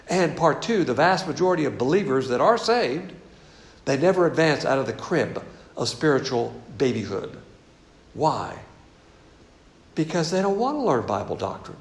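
Southern guy giving a folksy bible sermon, bit gravelly, kinda echoey room. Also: a little high. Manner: folksy, conversational preaching with asides. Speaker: Bible teacher.

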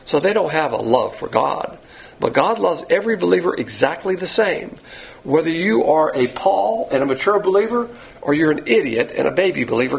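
Male Bible teacher, blunt lecturing delivery, gravelly and animated, slightly high-pitched. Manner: blunt, lecturing, uses a board. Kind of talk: sermon-style Bible lesson.

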